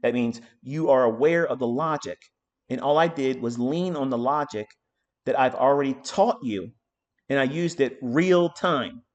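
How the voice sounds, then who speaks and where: A man's voice: medium pitch, unhurried. A middle-aged man giving live trading commentary on a stream, ranting hard and swearing often as he talks. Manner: profane, ranting, emphatic. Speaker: trading mentor.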